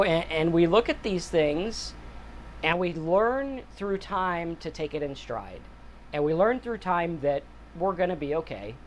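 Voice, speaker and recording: A man's voice: fairly high pitch, slight background noise. A man in his forties, host of a sobriety channel, talking in an earnest, rambling monologue and often checking in with a "right?". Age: 40s. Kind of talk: casual reflective monologue.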